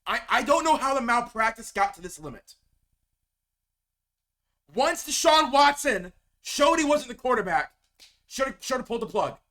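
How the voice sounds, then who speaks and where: A man vents to camera about his team in a heated fan rant, often stumbling over and repeating his words. His voice sits high and swings widely in pitch. The tone is bright and sharp. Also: animated, normal speed, long pauses. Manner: heated, venting, repeats words when upset. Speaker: sports video creator.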